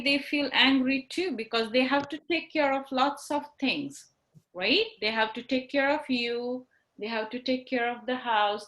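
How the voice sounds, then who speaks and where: A woman with a high, bright voice teaches young children in an online class over a video call. She speaks slowly and encourages them with simple words and frequent tag questions. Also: rough recording.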